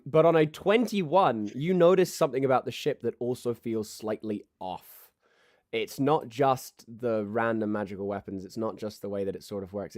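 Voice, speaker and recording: A man's voice: fairly low pitch, darkish tone, no echo, studio quality. A man narrating as game master, rambling and full of fillers.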